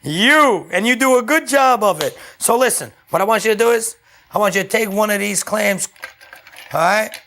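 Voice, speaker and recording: A man's voice: high-pitched, moderate pace, sharp tone. Chatty man hosting a cooking show. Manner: chatty, keeps checking in with "okay?". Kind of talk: casual cooking demonstration. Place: home kitchen.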